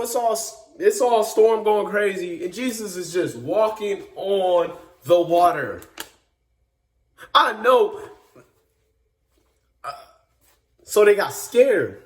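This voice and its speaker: A man with a notably high-pitched voice gives an informal devotional sermon. He speaks earnestly and emphatically, circling back over phrases and restarting them. The recording sounds echoey, as in a bare room. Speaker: speaker giving a devotional message. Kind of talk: informal preaching.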